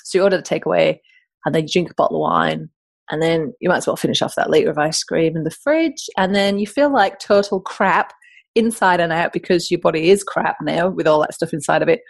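A woman with a northern English accent hosting a podcast, talking in a chatty, animated way and correcting herself as she goes. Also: on the low side, a little fast, vocal fry, dry recording. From north of England. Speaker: podcast host. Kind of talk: casual podcast monologue.

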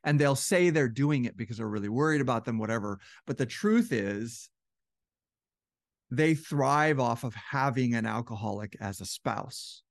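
A man with a gravelly, fry-heavy voice explains relationships in a loose, conversational way. His voice sounds a bit strained. The recording is close and dry, with no room around it. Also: medium pitch, animated, normal speed, no echo. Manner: conversational, acts out quoted couples with shifting voice. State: slightly strained voice. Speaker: relationship educator. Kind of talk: casual explanatory talk.

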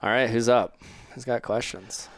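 A man's voice: medium pitch, fairly even intonation, normal speed, dry recording, clean studio sound. A young man in casual podcast chat, rambling with lots of "like" fillers. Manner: loose, rambling, many "like" fillers.

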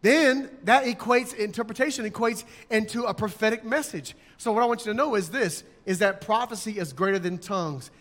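A male preacher with a high voice delivers a sermon emphatically, acting out his examples in raised voices. His words ring out with a long echo, as if recorded in a church hall. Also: a bit bright.

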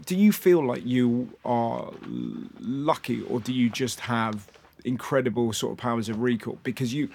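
A man's voice: medium pitch, very animated, normal speed, creaky, a little mellow. A man hosting a podcast in a casual chat, playfully asking his guest questions. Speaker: podcast host.

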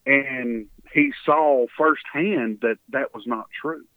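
A man's voice: medium pitch, slow, no echo. A man with a Texan accent, a guest on a radio interview, telling a story earnestly and voicing the people in it with feeling. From Texas. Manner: earnest storyteller, voices his quotes with feeling. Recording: dry, tinny phone line.

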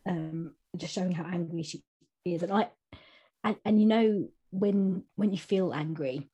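A woman's voice: lowish voice, unhurried, dark tone, slightly rough, highs cut off. A woman co-hosting a podcast, talking casually about a novel with many restarts. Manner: hesitant, lots of restarts. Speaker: book podcast co-host. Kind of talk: casual book discussion.

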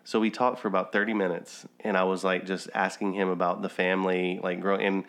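A man's voice: deep voice, level tone, a little fast, fairly bright tone. A man chatting casually on a podcast, telling a rambling family anecdote with occasional chuckles. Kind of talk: casual conversational storytelling.

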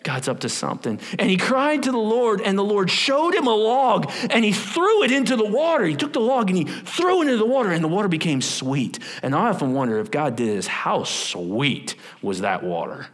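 Animated male pastor preaching. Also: high-pitched, moderate pace, few pauses. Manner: animated and humorous, acting out scenes. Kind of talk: sermon.

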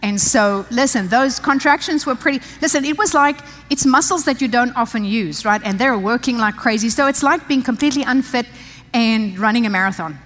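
A South African woman pastor with a fairly high, brisk, somewhat bright voice shares a personal story in a chatty sermon, laughing a lot and restarting sentences. The recording carries the long reverb of a large hall, plus slight background noise.

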